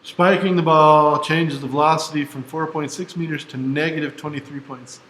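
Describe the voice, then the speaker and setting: A tired man teaching a class, chatty and quick to laugh, often restarting his sentences as he tells a story and works through a problem. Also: a little high, steady tone, a bit bright. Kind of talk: classroom lecture with anecdote. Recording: echoey room with faint ambience.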